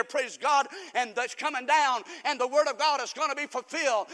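A man preaching a sermon as pastor, switching from shouted declarations to low, confiding asides. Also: fairly quick, hardly any pauses. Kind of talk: fiery sermon. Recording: long hall reverb.

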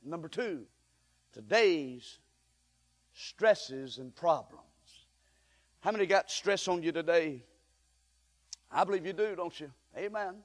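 A man preaching a sermon, calling out to the congregation and building up to shouts. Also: on the high side, lively intonation, takes it slowly, pauses often. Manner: call-and-response preaching, rising to shouts. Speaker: pastor. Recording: hall reverb.

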